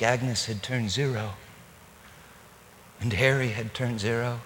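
A male pastor telling a story in a sermon, animated and acting out the dialogue. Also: mid-range voice, slow pace, a little hiss or hum. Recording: long reverb in a large hall.

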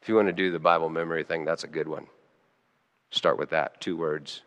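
A man preaching a sermon, dropping to hushed, quiet lines and then rising sharply into loud, high emphasis. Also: lively intonation, normal speed, long reverb tail. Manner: emotional, swings between soft hushed lines and sudden loud high emphasis. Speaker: pastor.

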